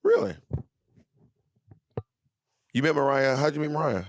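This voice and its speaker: A man in his thirties co-hosting a podcast, chatting casually with a playful, teasing manner and drawn-out emphasis. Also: medium pitch, expressive, no room sound. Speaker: podcast co-host. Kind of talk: casual chat.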